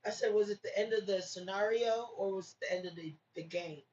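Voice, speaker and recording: A woman's voice: medium pitch, fairly quick, darkish tone. A woman playing in a tabletop role-playing game, chatting casually and swearing freely. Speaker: player. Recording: distant, roomy, dull lo-fi mic with faint noise.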